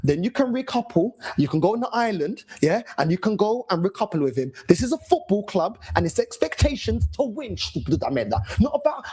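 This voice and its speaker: A man's voice: high voice, sing-song, moderate pace, darkish tone, breathy edge, rough recording. A man in his thirties with a London accent, ranting and swearing as host of a fan call-in show, mocking other fans. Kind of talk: angry fan rant.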